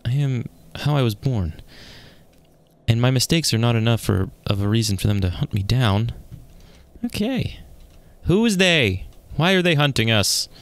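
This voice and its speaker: Gravelly-voiced man reacting to a horror game. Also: medium pitch, big pitch swings, moderate pace. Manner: jumpy, swearing, talks to himself. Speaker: gaming YouTuber.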